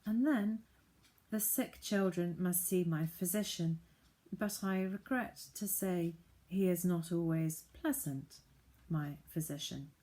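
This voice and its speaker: A woman's voice: fairly low pitch, takes it slowly, warm tone. Woman reading as a menacing, falsely polite prince. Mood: silkily threatening. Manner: courteous with a threatening edge.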